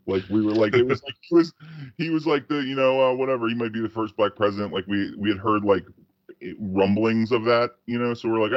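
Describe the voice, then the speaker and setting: A man's voice: fairly low pitch, quick pace, dry recording. Rambling, profane man on a lo-fi podcast. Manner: rambling, profane storytelling with many restarts. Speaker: podcast co-host. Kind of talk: casual chat.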